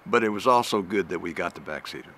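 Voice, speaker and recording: An older man, a retired general, giving a recorded talk and telling a vivid story, restarting phrases as he goes and rising in pitch at the tense moments. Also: fast, fairly bright tone, slight background noise.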